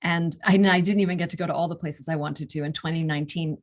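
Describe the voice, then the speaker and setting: Woman, actor and narrator, from the US, lower voice, enthusiastic storyteller. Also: steady tone. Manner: enthusiastic storyteller with quick restarts and laughs. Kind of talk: interview answers.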